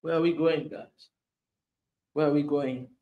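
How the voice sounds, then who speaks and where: A man from Tanzania comments on the news in a loose, heartfelt way. His fairly high voice climbs as he repeats himself and keeps tossing in "man". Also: steady tone, unhurried, narrow, tinny audio. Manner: emotional, repetitive, says "man" often, voice rising in outrage. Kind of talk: impassioned casual commentary.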